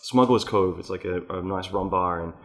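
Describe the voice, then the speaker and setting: A low-voiced man with an Australian accent hosts a relaxed interview chat. He rambles from one story to the next, animated and quick to curse. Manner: rambling, animated storyteller who swears casually. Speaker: podcast host.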